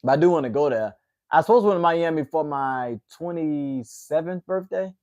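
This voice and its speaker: A man's voice: fairly high pitch, animated, moderate pace, darkish tone. A man in his late twenties from Atlanta with a Southern accent, hosting a casual livestream and chatting with viewers. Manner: laid-back, chatty, reacting to chat. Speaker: livestream host.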